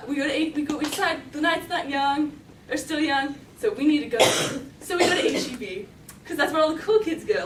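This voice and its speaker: A woman's voice: sits high, moderate pace, a little hiss or hum. A teenage girl telling a story on stage, giggling often and filling her talk with "like". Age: teens. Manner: giggly, lots of "like". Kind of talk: live storytelling. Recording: roomy, distant mic, faint ambience.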